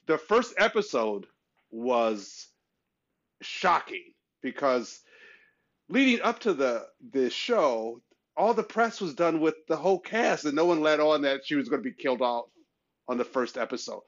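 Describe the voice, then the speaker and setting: A man's voice: expressive, measured pace, highs cut off. A man co-hosting a casual chat show, telling personal stories earnestly and acting out quoted voices. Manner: earnest storyteller, acts out quoted voices with rising pitch. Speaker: podcast co-host.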